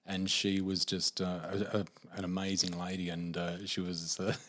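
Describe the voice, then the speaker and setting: A middle-aged man with an Australian accent tells his stories in an animated, easygoing way and laughs through them. His voice sits fairly low. He talks like someone chatting with a friend. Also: moderate pace. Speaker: psychic, podcast guest. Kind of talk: conversational storytelling.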